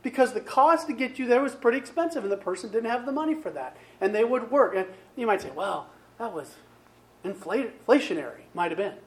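A man's voice: very high-pitched, animated, fast, hardly any pauses. A man preaching a sermon in a conversational way, often asking his listeners rhetorical questions. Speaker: pastor.

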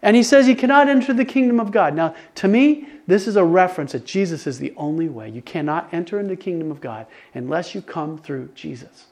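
An older man preaching to his congregation in a conversational, animated way, often restarting his sentences and getting excited. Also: sits high, fairly quick, hardly any pauses. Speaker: pastor. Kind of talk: conversational sermon.

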